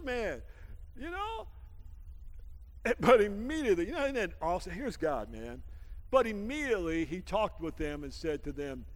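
A man preaching a lively sermon, laughing often and swinging from shouts down to hushed asides, with a folksy habit of saying "man.". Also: high-pitched, moderate pace, in a large hall. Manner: folksy, calls everyone "man". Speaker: pastor.

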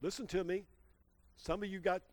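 A middle-aged male pastor telling a lively personal story in a sermon, exclaiming and calling out to the congregation. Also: high-pitched, normal speed, no room sound. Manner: animated storyteller, exclaims and laughs, calls out to congregation.

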